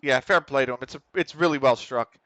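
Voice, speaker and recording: This streamer gets excited and swears readily while calling his football management game, speaking straight to the players on screen. He sounds bright, forceful and medium-pitched, with no echo.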